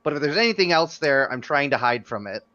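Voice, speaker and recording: A man's voice: on the high side, lively intonation, fairly quick, bright, forceful tone, no room sound. A man playing a tabletop game, talking casually and stumbling over his words. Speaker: player. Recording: dull lo-fi mic.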